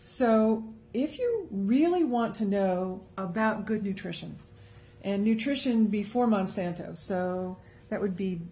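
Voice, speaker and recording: Chatty woman cohost on a webcast, upbeat, giving tips, mid pitch. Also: animated, a little slow, dark tone. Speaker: co-host. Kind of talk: casual webcast chat. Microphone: webcast studio mic.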